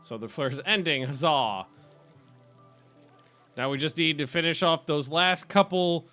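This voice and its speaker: A man's voice: on the high side, measured pace, bright, forceful tone, soft background music. A man hosting a gaming video, giving casual let's-play commentary and repeating short phrases to himself as he plays.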